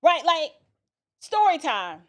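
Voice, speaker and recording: A woman tells a story from her own life in a relaxed, chatty way. Her voice sits high and swings widely as she builds the drama and keeps turning to her listeners with asides. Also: slow. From the Bronx, New York. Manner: animated, dramatic retelling with lots of asides to the listener. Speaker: commentator telling a personal story. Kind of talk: casual storytelling.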